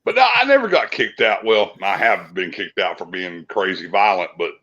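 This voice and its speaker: A man's voice: low voice, sing-song, moderate pace, bright, forceful tone, muffled recording. A man telling rambling, profane stories in a casual chat. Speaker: podcast co-host, musician.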